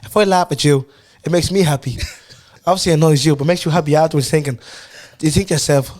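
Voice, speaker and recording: A man's voice: on the high side, quick pace, darkish tone. Teasing man laughing as he talks. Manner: teasing, laughing through his words. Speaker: podcast guest. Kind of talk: casual chat.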